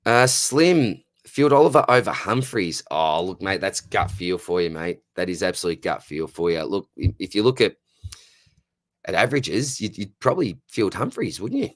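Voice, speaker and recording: A man's voice: sits low, animated, normal speed, no room sound, studio quality. A young Australian man hosting a fantasy football livestream, chatting casually and greeting viewers by name, calling everyone "mate". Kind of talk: casual livestream chat reading viewer comments.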